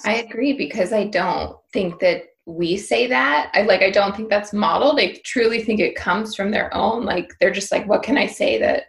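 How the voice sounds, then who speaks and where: A woman's voice: medium pitch, normal speed, vocal fry, hardly any pauses, reverberant. A woman co-hosting a parenting podcast, talking in a casual, chatty way with lots of "like". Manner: chatty, peppered with "like". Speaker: podcast co-host.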